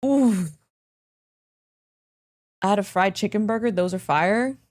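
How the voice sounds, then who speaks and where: A young woman hosting a casual stream watchparty, excitable and swearing freely as she reacts. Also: medium pitch, slow. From Canada.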